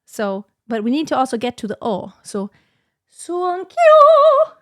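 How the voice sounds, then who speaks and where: A lyric coloratura soprano talks through her practice of an aria, picking apart her own phrasing. Her speaking voice sits a little high for a woman. She critiques herself as she works and slips into short sung demonstrations. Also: brisk, darkish tone, no room sound, clean studio sound. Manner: self-critical, breaks into sung demos. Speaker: singing teacher practicing an aria. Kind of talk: thinking-aloud practice commentary.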